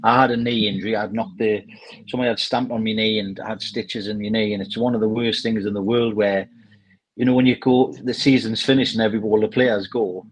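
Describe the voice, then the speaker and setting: A man, a former footballer casually telling lively anecdotes and mimicking people in them. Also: fairly low pitch, a little fast, husky, rough recording. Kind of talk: casual storytelling.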